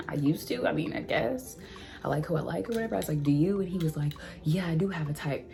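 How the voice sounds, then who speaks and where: A young woman vlogger telling a dating story in an animated, exasperated way, acting out the lines of both people. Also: on the low side, fast talker, gravelly, soft background music. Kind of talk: storytime vlog.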